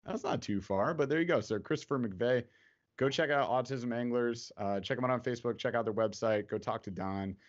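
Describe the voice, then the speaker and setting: A man hosting a casual fishing livestream, talking in a rambling way full of fillers and quick laughs. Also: mid-range voice. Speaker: podcast host. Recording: dull lo-fi stream audio.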